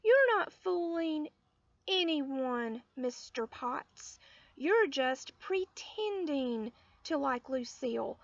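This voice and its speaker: A woman voicing a sly little girl who sounds sweet but sharp, in a storybook reading. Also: sits high, animated, very slow, gravelly, no room sound, heavily acted. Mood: accusing. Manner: sugary then sharp. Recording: dull lo-fi audio.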